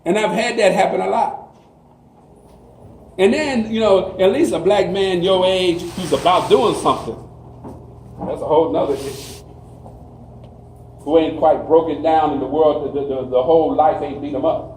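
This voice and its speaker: Brief: man in his 60s, counselor lecturing, high-pitched folksy storytelling, roomy far-off sound with light noise. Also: moderate pace, pauses often, a little mellow. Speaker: group counselor. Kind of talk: talk to an audience. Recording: echoey hall, voice heard from afar.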